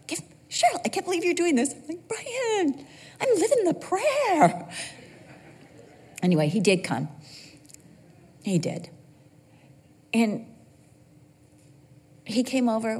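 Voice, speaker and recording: A woman's voice: lowish voice, slightly rough. A middle-aged woman giving an emotional testimony in sermon style, her voice rising and cracking as she tells the story. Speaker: speaker. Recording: long hall reverb.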